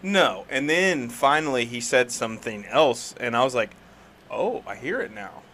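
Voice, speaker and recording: A man's voice: medium pitch, lively intonation, unhurried, fairly bright tone, slight background noise. A man co-hosting a podcast in a laid-back way, laughing and saying "like" a lot. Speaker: podcast co-host. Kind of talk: casual chat.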